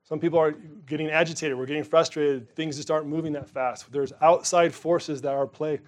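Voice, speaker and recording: A man's voice: on the high side, fairly even intonation, a little fast. Man preaching in a conversational sermon. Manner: conversational preaching, swings between emphatic and quiet. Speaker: pastor.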